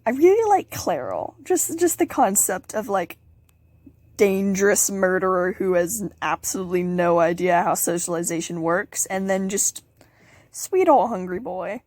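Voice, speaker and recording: A woman's voice: mid-range voice, animated, measured pace, darkish tone, dry recording. A teenage girl hosting a casual question-and-answer vlog, bubbly and giggly, rambling with playful asides. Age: teens. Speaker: channel host.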